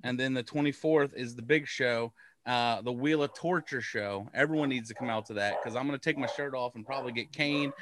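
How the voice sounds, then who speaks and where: A man's voice: mid-range voice, a little fast, fairly bright tone. A man co-hosting a casual comedy podcast, joking and mocking himself as he lists his upcoming shows. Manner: joking, self-mocking, wanders mid-sentence. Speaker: comedian co-host.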